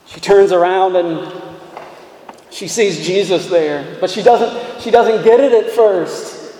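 A man preaching a sermon as pastor, talking conversationally, restarting words and moving between brisk runs and slow, emphatic lines, in a church. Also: sits high, mellow. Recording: echoey reverberant hall.

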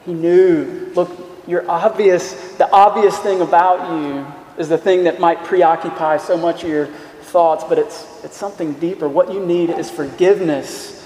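A man's voice: on the high side, fairly even intonation, normal speed, warm tone. A man preaching a sermon in an earnest voice, asking rhetorical questions and repeating his words. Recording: echoey hall, faint room noise.

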